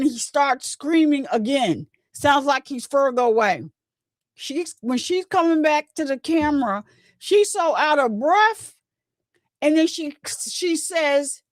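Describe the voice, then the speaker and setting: A woman's voice: high voice, no echo. A woman hosting a casual commentary livestream, chatting along and bleeping her own swear words.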